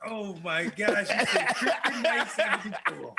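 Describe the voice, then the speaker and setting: A man's voice: sits high, lively intonation, unhurried, creaky, a loud crowd. A man co-hosting a live show, teasing the caller with laughing, slangy banter. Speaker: co-host. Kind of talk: casual live-stream chat.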